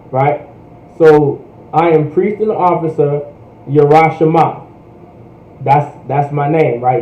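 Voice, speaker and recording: Man teaching, tagging "right?" on everything. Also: on the high side. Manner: repeats "right?" and "all right?" constantly. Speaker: language class teacher. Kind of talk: teaching a livestreamed class. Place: US, Hampton Roads area. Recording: roomy, dull livestream audio.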